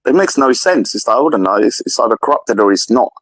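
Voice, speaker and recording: Animated man chatting politics. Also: fast, slightly rough, dry recording, poor audio. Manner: animated, repeats himself, mimics others in a higher voice. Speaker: podcast co-host. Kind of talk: casual political chat.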